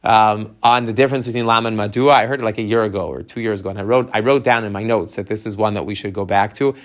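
A man teaching a text study class, animated and tossing rhetorical questions to his students. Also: fairly low pitch, quick pace.

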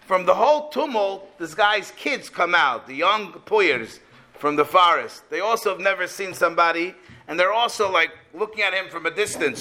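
A religious teacher with a high-pitched male voice tells a story as a lesson, animatedly retelling the tale before driving its moral home. His voice is bright, forceful, and expressive, at normal speed.

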